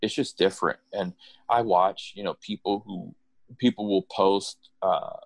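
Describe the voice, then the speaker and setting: A middle-aged man with a very low voice tells personal stories in a loose, conversational way. He restarts and repeats words as he goes and jumps up in pitch when he quotes people. The recording is dry and close. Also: steady tone, measured pace, gravelly, no echo. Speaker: guest telling personal stories. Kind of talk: casual conversational storytelling.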